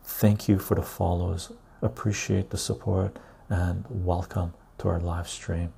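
A man's voice: deep voice, steady tone, unhurried, creaky, mellow, slight background noise. A man hosting a live stream, chatting loosely with viewers and reading their comments aloud. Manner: loose and chatty, reads the chat aloud, says "right?" often.

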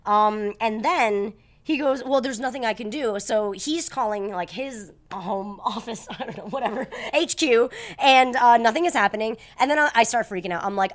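A young woman co-hosting a casual chat, telling a story with lively acted-out quotes. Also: on the high side, normal speed, few pauses. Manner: animated storytelling, acting out quoted voices. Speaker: podcast co-host.

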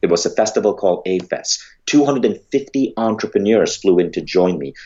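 A man's voice: sits low, expressive, brisk, warm tone, muffled recording. A man, an entrepreneur, telling a motivational story about his business and book, emphatic and blunt, with casual swearing.

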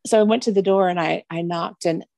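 A woman's voice: lowish voice, steady tone, fairly quick, vocal fry, a little mellow, no echo, clean studio sound. A middle-aged woman telling fond family stories in an interview, often laughing as she talks. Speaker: interview guest. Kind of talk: conversational storytelling.

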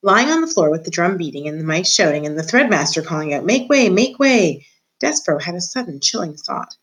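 A woman teacher reads a children's book aloud in a slightly low voice. She tells the story in a clear, expressive, measured way. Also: rough recording.

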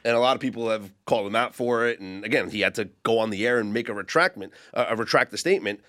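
A man's voice: lowish voice, fast talker, a bit bright. A man on a sports betting podcast panel, giving long, detailed explanations in casual chat.

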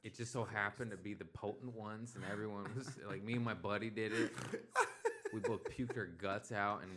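A young man in casual chat, telling laid-back stories, trailing off quietly and acting out the voices of others. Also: on the low side, steady tone, moderate pace, a little hiss or hum. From US West Coast.

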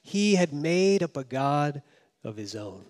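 A man preaching a sermon as pastor, swinging from loud emphasis down to hushed, quiet tones. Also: a little high, very animated, slow pace. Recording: long hall reverb.

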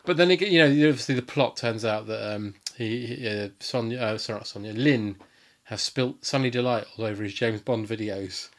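A man's voice: mid-range voice, moderate pace, fairly bright tone. A man chatting as a podcast guest, enthusiastic and rambling, with lots of fillers and restarts. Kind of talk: casual chat.

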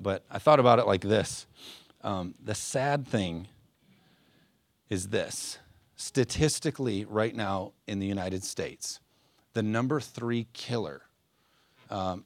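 A man's voice: fairly low pitch, no room sound. A man preaching a sermon as pastor in a church service, speaking earnestly and with passion, with many fillers and restarts. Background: soft guitar playing.

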